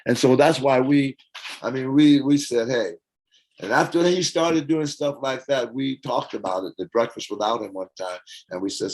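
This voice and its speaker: Older man telling animated stories. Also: medium pitch, normal speed, poor audio. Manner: animated storyteller, acts out quotes and hums parts. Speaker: interview guest, former band singer. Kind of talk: casual storytelling interview.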